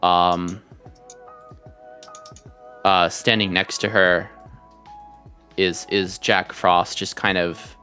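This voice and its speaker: A man's voice: low voice, little pitch movement, extremely slow, long pauses, pushed and bright, soft background music. A man narrating a tabletop game as game master in a loose, chatty way.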